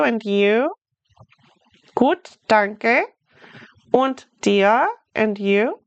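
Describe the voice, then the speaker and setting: A woman teaches a beginner language lesson, taking her time and repeating each phrase so learners can follow. Her voice is smooth and clear, pitched a little high. The sound is dry and close, with no room echo. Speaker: German teacher.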